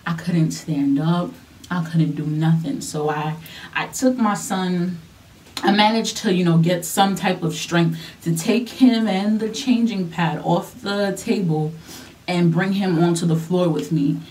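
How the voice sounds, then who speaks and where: A woman's voice: fairly low pitch, steady tone, unhurried, a little mellow, distant mic. A young woman vlogger telling a personal story in a casual, chatty way, repeating herself and using lots of fillers.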